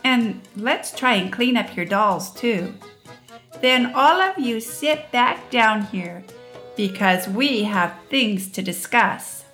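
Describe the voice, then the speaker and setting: A woman's voice: on the high side, lively intonation, slow, faint music behind. A woman reading a stern but patient mother in a storybook, firm and commanding. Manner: firm, commanding, loud calls.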